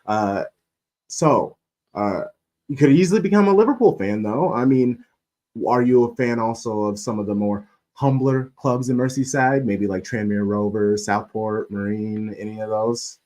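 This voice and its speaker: A man's voice: lowish voice, normal speed, a little mellow. A man hosting a casual live-stream sports chat, playful and joking, laughing often. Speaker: podcast host.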